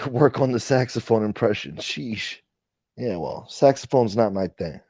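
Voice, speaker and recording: A man's voice: lowish voice, expressive, unhurried, dark tone, husky, no echo. A man hosting a casual livestream chat, ranting with profanity and thanking viewers for donations. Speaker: livestream host.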